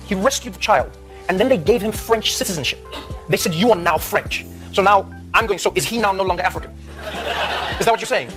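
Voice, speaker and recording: Guy hosting a talk show, comic rant, super quick and kinda high voiced, faint music behind. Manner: animated, emphatic, repeats words when excited. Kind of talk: comedic monologue.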